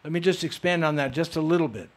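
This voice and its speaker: A man with a fairly high voice leads a lecture and answers questions from the floor. He talks in an animated, playful way and often teases his listeners. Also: fast. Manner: animated, playful, teasing, emphatic. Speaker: spiritual teacher answering audience questions.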